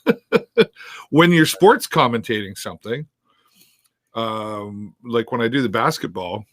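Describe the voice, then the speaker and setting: A man's voice: medium pitch, lively intonation, a little slow, a bit bright, no echo, clean studio sound. A man hosting a live stream, chatting casually with a lot of fillers and restarts. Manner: rambling, many fillers and restarts. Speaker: live-stream host and sports commentator. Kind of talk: casual chat.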